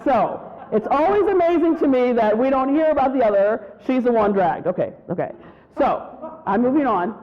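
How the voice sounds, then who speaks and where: A woman giving a spiritual retreat talk, telling a personal story with animated storytelling and acting out what people said. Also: fairly high pitch, normal speed. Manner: animated storytelling, acts out quotes. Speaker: retreat speaker. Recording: tinny phone-like sound.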